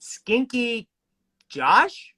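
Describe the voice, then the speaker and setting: A man's voice: extremely high pitch, very animated, drawn-out words, a crowd in the background. A man hosting a casual live stream from his home on a phone, upbeat, reading viewer comments aloud and laughing often. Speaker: live stream host and actor.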